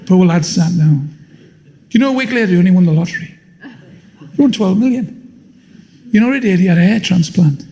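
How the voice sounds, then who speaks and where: An older man performing a blunt, swearing stand-up comedy routine with deadpan punchlines. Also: sits high, brisk, long pauses. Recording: live show in a long-reverb hall.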